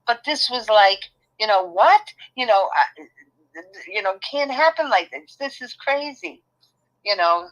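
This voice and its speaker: A woman's voice: medium pitch, expressive, measured pace, a bit bright, highs cut off. An older woman with a Brooklyn accent, speaking bluntly and emotionally in a casual chat with her son, often repeating herself. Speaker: guest, host's mother.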